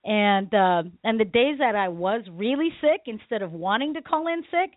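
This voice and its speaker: A woman hosting a talk radio show, telling her own stories in a lively, casual way and laughing often. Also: a little high, normal speed, dry recording. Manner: animated storytelling, laughs often. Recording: tinny phone-line sound, dry.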